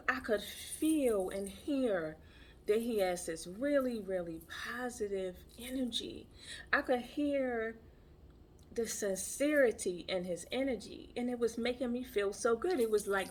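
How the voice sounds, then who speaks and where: A woman's voice: fairly high pitch, slight background noise. A woman who practices tantra, telling a personal story in a chatty, emphatic way and repeating her phrases. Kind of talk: casual storytelling.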